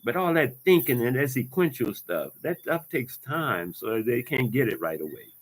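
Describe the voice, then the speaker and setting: A man delivering an angry, profane monologue to his viewers, ranting emphatically, repeating himself and swinging between loud bursts and low muttering. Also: very animated, moderate pace. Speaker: vlogger.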